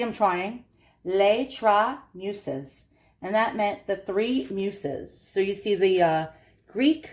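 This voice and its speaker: Chatty New York woman. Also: mid-range voice. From Queens, New York. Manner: chatty, self-deprecating, laughs often. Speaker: antiques collector vlogger. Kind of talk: casual show-and-tell vlog.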